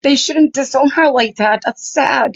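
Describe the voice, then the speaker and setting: A woman's voice: high voice, unhurried, no room sound. An older woman calling into a live stream, talking in an emotional, effusive way. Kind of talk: casual chat. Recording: dull lo-fi stream audio.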